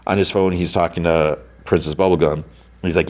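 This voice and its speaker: A man's voice: sits low, fairly even intonation, fairly quick, a little mellow. A man hosting a podcast, casually recapping a show episode, rambling with lots of "like" and "um". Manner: rambling, heavy on "like" and "um" fillers. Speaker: podcast host.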